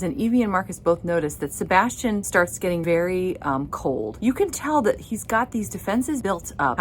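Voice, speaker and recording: A woman's voice: sits low, a little hiss or hum. A woman in her thirties chatting enthusiastically at home, recapping a romance novel for her reading vlog. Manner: enthusiastic, laughing as she recaps. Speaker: book vlogger. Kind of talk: casual reading vlog chat. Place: her home library and playroom area.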